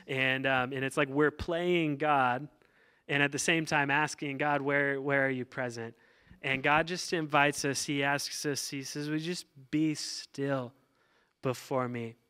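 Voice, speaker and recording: Smooth-voiced pastor, flat, chatty delivery. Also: male voice, mid-range voice, a little slow. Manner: conversational storytelling with frequent ums and restarts. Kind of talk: sermon.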